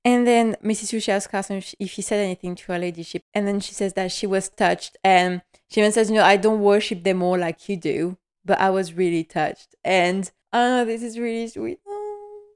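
Brief: woman host, casual show recap, eager and giggly, mid pitch, clean smooth tone. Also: animated, normal speed, few pauses. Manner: enthusiastic, laughs often, many fillers. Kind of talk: casual chat.

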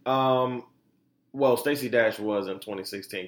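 A man hosting a podcast, giving animated, profane commentary and laughing often. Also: medium pitch, a little slow, echoey room. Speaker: podcast host. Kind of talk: casual commentary.

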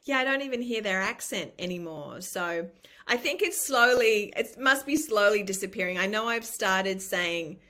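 A woman in her fifties from Australia, with an Australian accent carrying a slight American lilt, talking candidly as an interview guest, with lively restarts and a ready laugh. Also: medium pitch, normal speed. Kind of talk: casual conversational interview.

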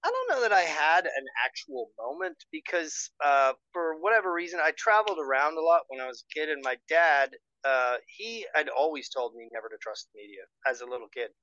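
A man talking as a podcast guest, telling stories in an animated way with laughs. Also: fairly high pitch, brisk, hardly any pauses, no room sound, dull audio. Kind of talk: casual chat.

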